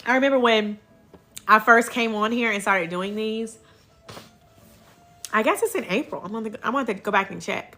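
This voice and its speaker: A woman's voice: mid-range voice, pushed and bright. A woman hosting a casual herbal wellness livestream on her phone, chatty and upbeat, thanking viewers as she goes.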